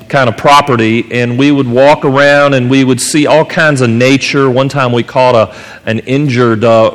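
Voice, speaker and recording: Man preaching in a reverberant church. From North Carolina. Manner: earnest storytelling preacher, rises in pitch for dramatic moments. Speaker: pastor. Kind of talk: sermon. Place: church sanctuary. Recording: long reverb of a church hall.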